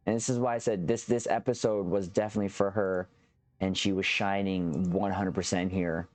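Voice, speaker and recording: Addressing his audience as captains, this reaction-channel host rambles through a TV episode recap, often starting sentences over. He speaks briskly in a lowish voice with a steady tone.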